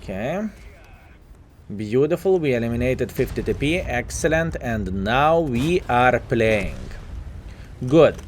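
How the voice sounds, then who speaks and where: A man's voice: mid-range voice, expressive, slow, a little hiss or hum. A man with a Lithuanian accent, a native Lithuanian speaker, giving chatty live gameplay commentary and calling his viewers "fellas", a bit sleepy. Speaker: gaming commentator.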